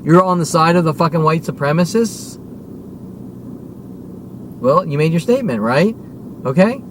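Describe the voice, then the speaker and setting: A man's voice: fairly high pitch, lively intonation, moderate pace, a little hiss or hum. A man in his forties delivering a heated, profane rant to camera, repeatedly demanding "okay?". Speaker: vlogger. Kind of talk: angry ranting monologue.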